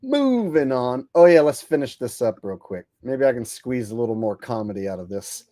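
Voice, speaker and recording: A man's voice: medium pitch, animated, normal speed, warm tone, dry recording. Male stream host, casual and crude, dry voice. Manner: crude, joking, laughs often. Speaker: livestream host. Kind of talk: casual commentary.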